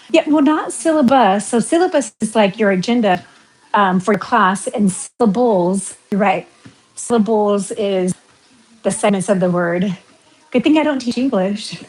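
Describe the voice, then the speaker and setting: A woman's voice: mid-range voice, expressive, unhurried, darkish tone, poor audio. A middle-aged woman with a West Coast American accent, chatting on a walking livestream, rambling between topics and reading out viewer comments. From western United States. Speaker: livestream vlogger. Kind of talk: casual livestream chat while walking.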